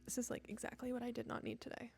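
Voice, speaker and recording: A woman's voice: a little high, monotone, very fast, vocal fry, darkish tone, husky. A tired young woman streaming from home, chatting casually into a desk mic in a rambling, self-deprecating way. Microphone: desk microphone.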